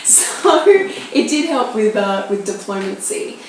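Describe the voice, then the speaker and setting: A woman's voice: medium pitch, sing-song, takes it slowly. An Australian woman in her thirties, a journalist telling anecdotes in a podcast interview, acting out the voices she quotes. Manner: chatty storyteller, acts out quoted voices. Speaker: journalist guest. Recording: very echoey room, faint noise.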